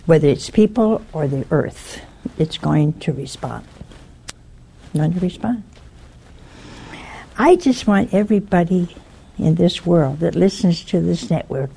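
In an informal religious talk aired on a broadcast network, a woman with a medium-pitched, gravelly, warm voice issues an earnest warning. She retells a story piece by piece, and the sound is slightly rough.

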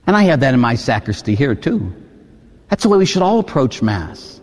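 Animated priest in an echoey hall. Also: male voice, medium pitch, fairly quick. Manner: animated, swings from hushed to exclaiming. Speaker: Catholic priest. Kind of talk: storytelling sermon.

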